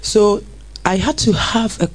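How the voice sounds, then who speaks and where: A preschool educator, telling a classroom story to parents in an earnest, animated way. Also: mid-range voice, a little slow, low-quality recording. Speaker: preschool educator and guest speaker.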